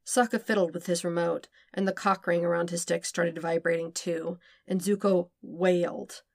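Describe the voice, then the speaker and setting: A woman reading fan fiction aloud with steady, even narration. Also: fairly low pitch, moderate pace, vocal fry, no echo, studio quality. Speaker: podfic reader.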